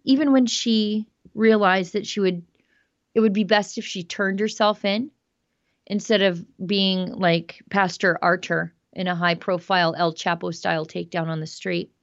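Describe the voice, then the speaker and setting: A woman's voice: medium pitch, fairly even intonation, normal speed, dry recording. Woman host, emphatic news-commentary delivery, dry slightly dull sound.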